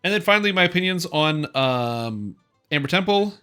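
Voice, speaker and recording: A man's voice: fairly high pitch, lively intonation, moderate pace, sharp tone, smooth, faint music behind. A man streaming a video game, chatting casually in a rambling, offhand and opinionated way. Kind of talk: casual live-stream commentary.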